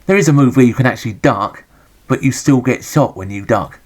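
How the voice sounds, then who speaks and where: An English man with a medium-pitched voice, speaking a little fast, reviews a retro game. His running commentary is sarcastic, grumbling, and full of jokes.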